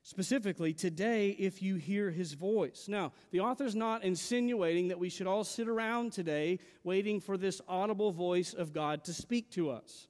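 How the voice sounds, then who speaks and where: Guy preaching a sermon, high pitched, kinda earnest and pushy, big church echo. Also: moderate pace, hardly any pauses, a little mellow. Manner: earnest, emphatic preaching with repeated phrases. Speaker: pastor.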